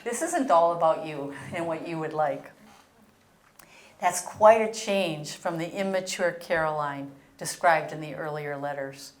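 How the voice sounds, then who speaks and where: An older religious sister giving an earnest historical presentation, telling stories and reading out letters. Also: female voice, low voice, a little slow, reverberant. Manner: earnest storytelling with read-out quotes.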